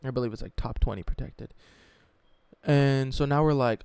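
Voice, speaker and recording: A man telling a sports story in a mocking, animated, profane way, as a sports YouTuber. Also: mid-range voice, normal speed, creaky, clean tone, dry recording.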